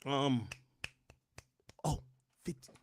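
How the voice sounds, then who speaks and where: A man hosting a livestream, talking casually to chat in slangy speech, hoarse and losing his voice. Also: mid-range voice, extremely slow, no echo. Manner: slangy, loose, switches to whispering. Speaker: livestream host.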